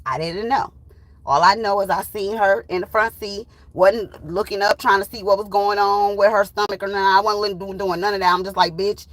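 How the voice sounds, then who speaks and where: A woman in her thirties, a tarot channel host, telling a personal story in a blunt, profane, animated way. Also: mid-range voice, brisk, dry recording, poor audio. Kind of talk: casual storytime.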